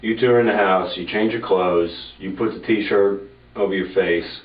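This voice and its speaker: A man's voice: low voice, steady tone, moderate pace. A man working as a police detective, questioning a suspect in a methodical, probing way. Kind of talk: police interrogation. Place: interrogation room. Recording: roomy, distant, dull archive tape.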